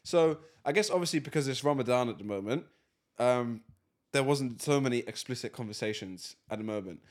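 A young man banters on a casual podcast. He teases, jokes and drops slang as he talks. His voice sits at an ordinary middle pitch. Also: lively intonation, a little fast. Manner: joking, teasing, slangy. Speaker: podcast co-host. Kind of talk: casual chat.

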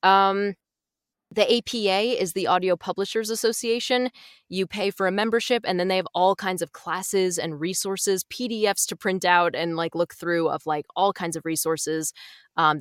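Woman audiobook narrator, low voice, blunt and emphatic, dry close sound. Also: clean tone, no room sound. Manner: brisk, frank and emphatic with mild swearing. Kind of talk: casual interview advice.

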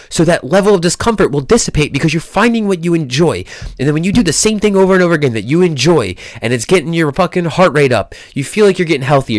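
Man, fitness coach, blunt, profane, repetitive, mid pitch, dry sound. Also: no echo. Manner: blunt, heavy swearing, repeats himself. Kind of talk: casual motivational talk.

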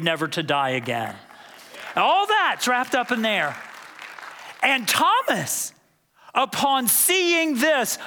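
A man's voice: very high-pitched, pushed and bright, smooth. A man preaching a sermon as pastor, emphatic and building through repeated phrases.

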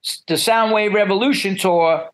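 A middle-aged man, telling stories as a musician guest in a blunt, profane and animated way. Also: high voice, moderate pace. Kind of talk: casual storytelling.

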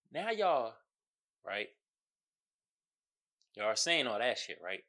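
A man's voice: medium pitch, very animated, slow pace, long pauses, sharp tone. An American man hosting his own podcast, ranting in a mocking, profane way and laughing at his own jokes. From United States. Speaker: podcast host. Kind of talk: solo podcast rant.

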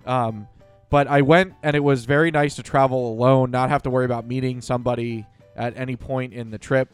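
A man hosting a podcast, chatting in a relaxed, wry way about his travels. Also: medium pitch, a little fast, smooth, no echo, soft background music. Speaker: podcast host. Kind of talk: casual chat.

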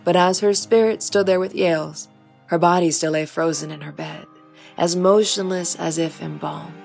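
A woman narrating her own fantasy story in a measured, expressive storybook reading. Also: lowish voice, vocal fry, soft background music. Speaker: author and narrator.

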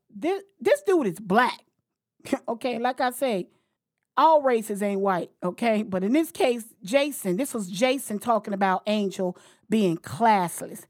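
A woman's voice: mid-range voice, darkish tone, dry recording, clean studio sound. A woman hosting a podcast, talking bluntly and heatedly, with frequent profanity. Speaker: podcast host. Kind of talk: casual podcast chat.

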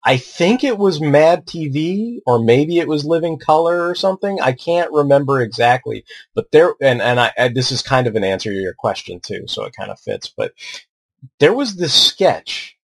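A man's voice: a little high, big pitch swings, moderate pace, no echo. Rambling, swearing man on a podcast. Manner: rambling, stammering, swears freely, heavy filler words. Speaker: podcast co-host. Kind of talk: casual podcast chat.

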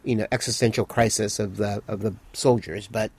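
A man's voice: fairly low pitch, steady tone, fairly quick, darkish tone, breathy edge, no room sound. Guy gushing about a tv episode, lots of i mean and you know, dry close mic. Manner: enthusiastic, fills gaps with "I mean" and "you know". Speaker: podcast co-host. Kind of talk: casual chat reviewing a TV episode.

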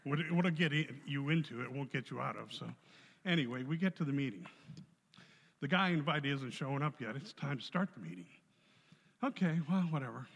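A man's voice: mid-range voice, fairly quick, creaky, husky, muffled recording. Man giving a testimony in a reverberant hall. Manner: lively storyteller who acts out the voices in his stories. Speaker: church member giving testimony. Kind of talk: spoken testimony to a congregation. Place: church hall.

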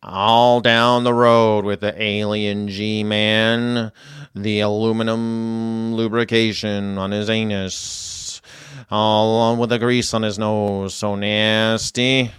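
A man's voice: on the low side, level tone, fairly bright tone, clean tone, no echo, clean studio sound, voice pushed down. A man doing a drawling old beat writer. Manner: very slow, drawn-out delivery. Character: slow, drawling older male beat writer.

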